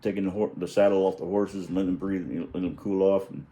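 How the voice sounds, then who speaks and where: A man's voice: low-pitched, fairly even intonation, fast, dark tone, slight background noise. A middle-aged man telling a casual story in a rambling way, chuckling and correcting himself as he goes.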